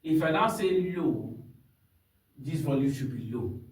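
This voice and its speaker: A man's voice: on the high side, animated, measured pace, a little mellow. A man teaching a singing lesson, explaining step by step and checking in often with his student. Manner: instructive, checks in often with "hmm?" and "you understand?". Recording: echoey room, mic far off.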